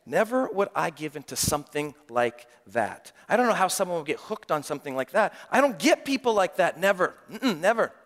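A middle-aged man preaching a sermon, moving from loud, animated passages to hushed, quiet confession. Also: high-pitched, brisk, few pauses. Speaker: pastor. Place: church sanctuary. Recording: long church reverb.

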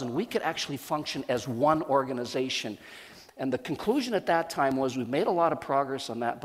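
Man, church leader giving a testimony sermon, earnest and storytelling, voice ringing in a big reverberant hall. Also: mid-range voice. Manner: earnest storytelling with many restarts.

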